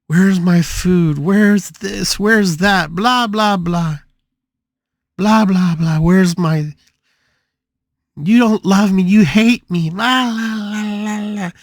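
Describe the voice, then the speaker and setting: A man putting on a shrill, ranting sick young woman. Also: slow pace, no room sound, clean studio sound, heavily acted. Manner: shrill and whiny, shouting complaints. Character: bitter bedridden young woman, ranting and demanding.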